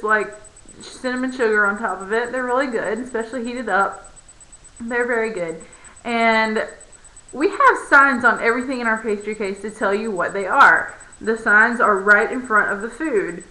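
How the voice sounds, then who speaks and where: A young adult woman who works as a barista vlogs a sarcastic, exasperated rant to camera in a fairly high, pushed and bright voice. The recording has a roomy echo.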